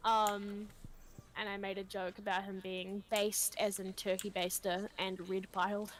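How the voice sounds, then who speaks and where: A woman's voice: mid-range voice, flat delivery, measured pace, faint music behind. A young woman, chatting casually and joking on a gaming stream. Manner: joking, rambling, breaks into silly voices.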